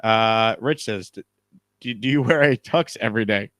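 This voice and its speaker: A man's voice: on the low side, normal speed, fairly bright tone, no echo, studio quality. A man hosting a casual live stream from a hotel room, upbeat and reading out viewer comments. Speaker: show host.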